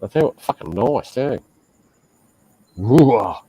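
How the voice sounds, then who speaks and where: A man's voice: on the low side, a little slow, darkish tone, a little hiss or hum, poor audio. A man with an Australian accent chatting casually on a stream, telling stories in a blunt, profane way. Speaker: stream host. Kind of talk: casual chat.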